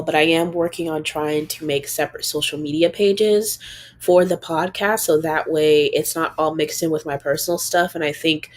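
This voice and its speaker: Young woman podcast host, stuffed up and nasal, slightly strained; loose, rambling solo talk. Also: low voice. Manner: rambling, many "um" and "like". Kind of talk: casual solo podcast chat.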